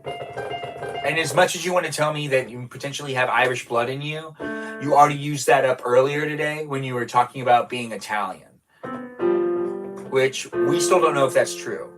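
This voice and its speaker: A man's voice: medium pitch, moderate pace. A man chatting playfully with his live-stream audience while gaming, rambling and full of energy. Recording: clear background music. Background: music.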